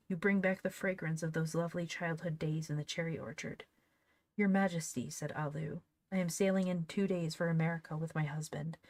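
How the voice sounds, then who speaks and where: Woman reading an old book out loud, low voice, dry close sound, stops to chuckle and chat. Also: no echo. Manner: reads plainly, breaks off to laugh and comment. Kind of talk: casual read-aloud with asides.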